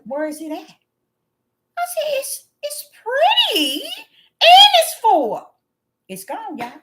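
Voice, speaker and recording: A woman preaching an impassioned sermon, calling out to her listeners and swinging from low murmurs to loud cries. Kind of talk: fiery street sermon.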